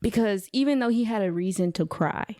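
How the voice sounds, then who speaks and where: A woman chatting casually on a podcast, an animated storyteller who acts out her son's lines in a high voice. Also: brisk, dry recording. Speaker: guest.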